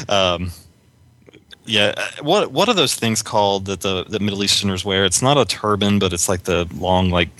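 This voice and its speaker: A man co-hosting a casual film podcast, speaking haltingly with many fillers and a wry tone. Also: lowish voice, expressive, pushed and bright. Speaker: podcast co-host.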